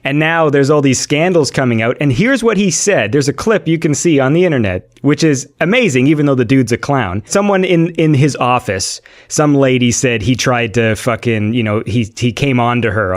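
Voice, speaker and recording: A man's voice: mid-range voice, expressive, moderate pace. A man hosting a casual interview podcast, swearing and joking. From Canada. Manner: swearing, laughing, jokey. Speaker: podcast host.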